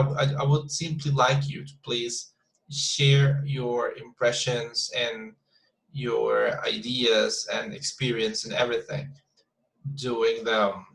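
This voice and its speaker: Male teacher on a video call, mid pitch, halting and repetitive. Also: gravelly, rough recording. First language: Spanish. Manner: hesitant, many repeated words and fillers. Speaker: English teacher. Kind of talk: online class instruction.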